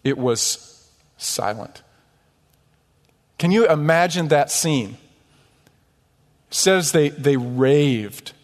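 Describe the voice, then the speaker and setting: A man preaching a sermon in a church, animated, with mocking asides and rhetorical questions. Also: on the high side, very slow, long pauses, big-room sound. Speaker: pastor. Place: church sanctuary.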